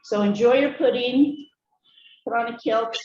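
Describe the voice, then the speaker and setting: In an echoey room with slightly dull sound and faint noise, a woman gives a cheerful, folksy speech to a group about her family traditions. Her voice is a little high with a darkish tone, and she speaks unhurriedly.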